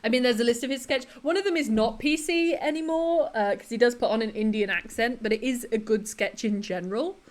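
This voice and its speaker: A woman's voice: fairly high pitch, a little fast, few pauses. A woman chatting casually on a livestream, laughing often and quoting comedy lines. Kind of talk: casual chat with chat while gaming.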